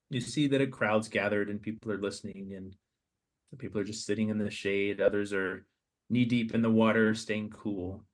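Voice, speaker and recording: A man with a fairly low voice guides listeners through an imaginative meditation. He speaks softly and slowly, pausing and restarting his sentences with a gentle, hesitant touch. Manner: slow, soft, hesitant restarts. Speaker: podcast host.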